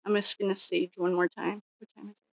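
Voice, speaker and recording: Woman tarot reader, gravelly fry, dry close sound, rambling think-aloud delivery. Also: medium pitch, little pitch movement, fast talker, fairly bright tone, dry recording. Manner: musing, thinks aloud with frequent restarts. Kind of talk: casual solo tarot reading.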